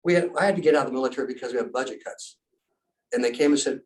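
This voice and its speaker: Animated man telling stories from afar. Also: mid-range voice, fast, recorded from a distance, rough recording. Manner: animated, acts out quoted voices. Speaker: guest speaker. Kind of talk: storytelling talk.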